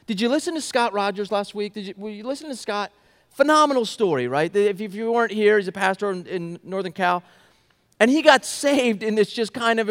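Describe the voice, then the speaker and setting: A young male pastor with a high voice preaches to his church, telling the story in a lively way. He goes from loud and urgent to soft and hushed. His voice rings with the long reverb of a large sanctuary. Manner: animated, swings from loud and urgent to hushed and quiet. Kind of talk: sermon storytelling.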